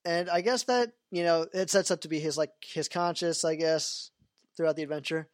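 A man's voice: fairly high pitch, steady tone, normal speed, dry recording, studio quality. A man hosting a podcast, chatting casually and rambling with many fillers. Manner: rambling, full of "you know" and "like" fillers. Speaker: podcast host. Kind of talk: casual chat about a video game.

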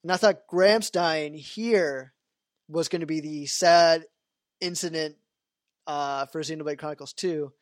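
A man with a fairly high voice hosts a casual podcast, and he rambles loosely with lots of fillers. The sound is dry and close, with almost no room echo. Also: steady tone, measured pace. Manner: rambling, full of "you know" and "like" fillers. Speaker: podcast host. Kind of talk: casual chat about a video game.

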